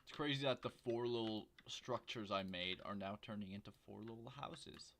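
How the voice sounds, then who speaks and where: A man with a fairly low voice streams a game from home, rambling and joking with his viewers. His quiet desk microphone picks up faint hiss and the clicks of his keyboard. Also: moderate pace. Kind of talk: casual livestream commentary while gaming.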